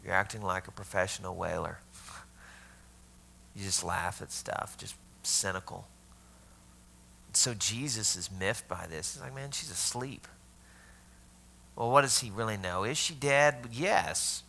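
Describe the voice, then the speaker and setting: Gravelly man preaching a conversational sermon. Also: low-pitched, a little slow, sharp tone, slight background noise. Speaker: pastor.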